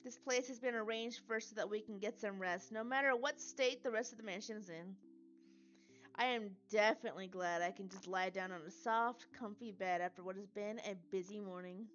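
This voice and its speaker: A woman's voice: medium pitch, fairly quick, a bit bright, dull audio, soft background music. A woman streamer reading a story game aloud, with chatty, giggly asides between narration.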